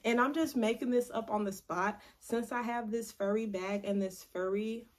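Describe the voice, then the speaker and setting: A woman's voice: fairly high pitch, normal speed. A young adult woman chatting to camera in a casual vlog, playful and chatty, drawing out words for emphasis. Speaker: vlogger.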